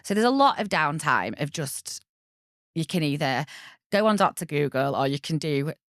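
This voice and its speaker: A woman in her thirties, a podcast guest, telling her own story candidly in an animated, chatty way. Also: sits low, normal speed, no room sound, studio quality. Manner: chatty, animated, laughs often and acts out quoted voices.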